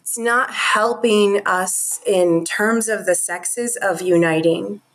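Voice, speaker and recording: A woman's voice: medium pitch, slow, a bit bright. A woman talking earnestly and from the heart as a guest in a podcast interview. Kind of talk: conversational interview talk.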